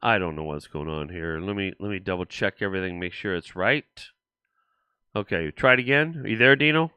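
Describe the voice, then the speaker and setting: A man hosting a casual political talk show, stressing words with slow sarcastic emphasis. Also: low-pitched, clean tone, no room sound, highs cut off. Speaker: show host.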